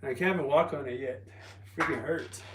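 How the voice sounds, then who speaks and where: A man chatting casually on a livestream, rambling and halting with ums and restarts while resting an injured calf. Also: mid-range voice, background noise. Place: home, lifting weights while streaming. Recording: roomy, from a distance.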